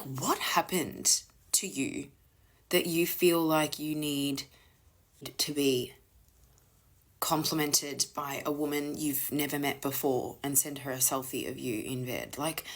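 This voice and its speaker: A woman with a low, husky voice rants to camera in an exasperated way. She keeps dropping into half-whispered asides between her louder points. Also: expressive, measured pace. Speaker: woman ranting about men online. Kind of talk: rant to camera.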